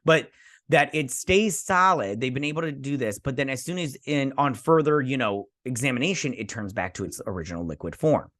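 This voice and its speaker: A man giving a casual, rambling recap of a TV episode, chatty, with halting restarts. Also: mid-range voice, animated, a bit bright. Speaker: show recap vlogger.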